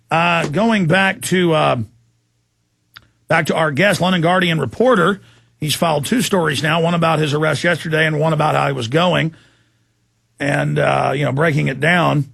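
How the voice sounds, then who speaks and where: Gravelly, ranting male radio host. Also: a little high, no echo. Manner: forceful, ranting, rapid-fire. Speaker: radio talk show host. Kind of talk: heated talk radio interview.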